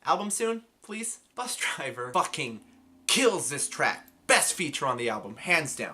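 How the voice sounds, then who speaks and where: Casual male music reviewer, excitable and foul-mouthed, bright tone. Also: mid-range voice, normal speed. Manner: enthusiastic, swears freely.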